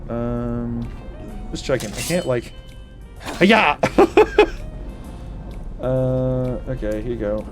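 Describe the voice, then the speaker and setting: Faint music plays behind a medium-pitched man streaming a video game live. As a gaming streamer, he reacts with animated, playful mock outrage and tosses quick asides to his viewers.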